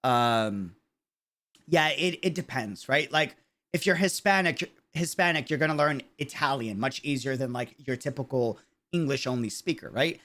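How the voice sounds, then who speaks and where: A man's voice: medium pitch, animated, normal speed, a bit bright. A man with a New York accent giving casual livestream commentary, rambling and searching for his words. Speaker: streamer.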